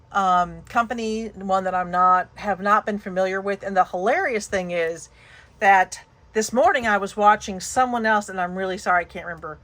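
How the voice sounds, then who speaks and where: A woman who hosts a papercraft channel chats casually through an unboxing haul, gushing and excitable, occasionally letting out high squeals.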